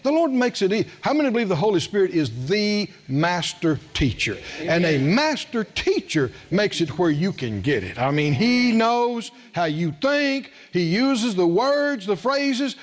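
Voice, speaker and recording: A middle-aged man preaching a sermon and telling a personal story, animated and asking the congregation questions. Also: high voice, measured pace, few pauses.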